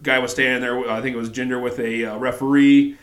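A man's voice: medium pitch, flat delivery, brisk, echoey room. A man co-hosting a casual wrestling recap, hesitant and full of fillers and restarts. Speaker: podcast co-host.

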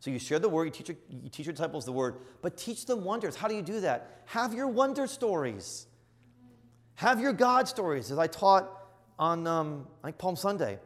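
A middle-aged man, a bishop, teaching in an earnest, emphatic sermon style that surges to loud exclamations. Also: on the high side, expressive, fairly quick. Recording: long reverb of a large hall.

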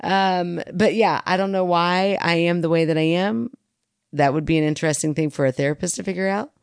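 A woman's voice: lowish voice, fairly even intonation, a little fast, vocal fry, clear, resonant tone, dry recording, studio quality. A woman co-hosting a podcast in casual chat, rambling through stories and laughing often. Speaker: podcast co-host.

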